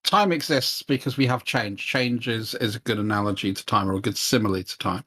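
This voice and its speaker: A man's voice: on the low side, brisk, breathy edge. Scottish man in casual debate chat. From Scotland. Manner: hesitant, many restarts, dry dark humor. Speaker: discussion participant.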